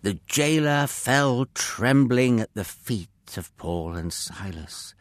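A man narrating a children's Bible story in an expressive way, sometimes speaking to the listener directly. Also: mid-range voice, takes it slowly, hardly any pauses, no echo. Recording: dry close mic with faint music.

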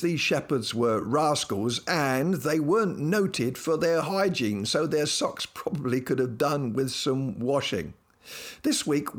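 Male host, devotional talk, playful storyteller, very expressive pitch. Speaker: host and Christian speaker.

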